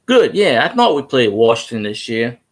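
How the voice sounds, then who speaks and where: A man's voice: mid-range voice, sing-song, normal speed. A man hosting a casual livestream about his team, arguing heatedly with viewer comments and swearing freely. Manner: heated, profane, argumentative. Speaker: sports fan livestream host. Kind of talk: casual live chat reacting to viewer comments.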